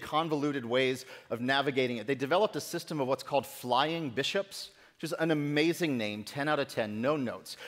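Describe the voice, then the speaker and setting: A man's voice: on the high side, a bit bright. A middle-aged man preaching a sermon as pastor, in a conversational way with self-deprecating humor. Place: church sanctuary. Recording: echoey church sanctuary.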